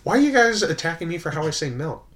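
A man co-hosting a casual podcast chat, animated and playful, laughing often and teasing his friends. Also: a little high, quick pace. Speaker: podcast co-host.

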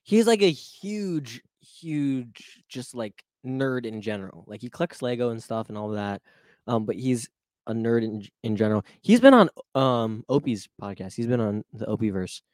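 A young man co-hosting a casual podcast, rambling and excitable, often trailing off mid-thought. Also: medium pitch, normal speed, no room sound, clean studio sound. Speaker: podcast co-host. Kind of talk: casual chat.

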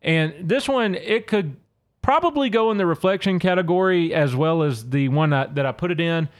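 At a normal speed and a slightly high pitch, a man from Louisiana talks through song lyrics on his solo podcast. His manner is relaxed and chatty, and he reads lyrics out between explanations.

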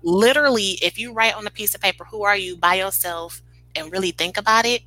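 A woman's voice: medium pitch, brisk, sharp tone, rough recording. A woman in a casual conversation, reflective and agreeing as she talks. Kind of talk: casual chat.

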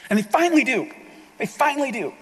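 A man's voice: very high-pitched, expressive, fast, fairly bright tone, slightly rough. A middle-aged man preaching a sermon as a pastor, candid and self-deprecating, talking in a loose conversational way. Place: large rented hall with reverb. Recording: long hall reverb.

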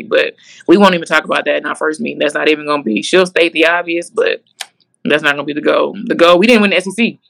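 A woman's voice: low-pitched, steady tone, fast talker, vocal fry, a bit bright, low-quality recording. A young woman guest, an assistant basketball coach, chatting in a laid-back way and acting out what her players say. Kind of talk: casual interview chat.

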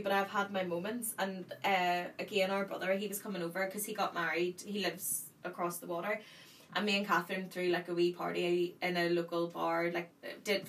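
Northern Irish woman telling an animated story. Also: fairly low pitch. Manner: lively, animated storytelling with acted-out quotes. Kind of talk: casual storytelling chat. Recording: distant mic with faint noise.

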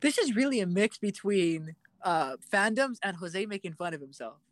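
Young male co-host, animated storyteller who laughs at himself, close and dry. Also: sits high, moderate pace, dry recording. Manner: self-mocking, animated storyteller. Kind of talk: casual chat.

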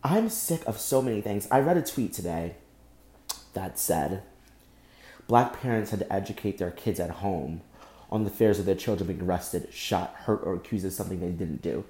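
A young man hosting a solo podcast, speaking angrily and with deep emotion, often breaking off and repeating himself. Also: animated, moderate pace, warm tone, reverberant. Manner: angry, emotional, repeats and restarts. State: emotionally shaken. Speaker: podcast host. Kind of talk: impassioned solo podcast monologue.

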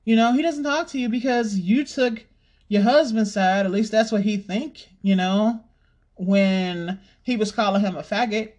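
Podcast host, casual storytelling, swears a lot, animated retelling, mid-pitched voice. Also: measured pace. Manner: blunt, profanity-heavy, animated retelling.

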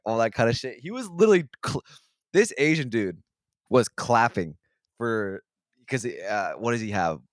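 Young guy with a low voice rambling thru a story, swears a lot, keeps restarting, dry close mic. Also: no echo. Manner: rambling, profane, restarts often, mimics people in quotes. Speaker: podcast host. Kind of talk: casual storytelling chat.

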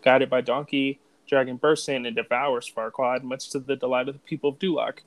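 A man's voice: medium pitch, fairly even intonation, brisk, rough recording. A young man co-hosting a podcast, chatting casually, joking and swearing freely. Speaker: podcast co-host. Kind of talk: casual chat.

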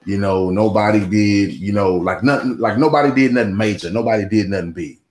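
Man, fairly low voice, casual podcast chat, rambling, roomy echo. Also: brisk, a little mellow. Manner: rambling, with many restarts and "you know what I'm saying". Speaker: guest.

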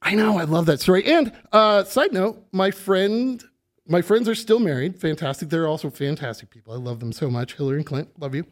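High-voiced man telling a wild story. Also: fairly quick. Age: middle-aged. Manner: animated, swears freely, acts out voices in quotes. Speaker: podcast guest. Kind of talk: casual storytelling.

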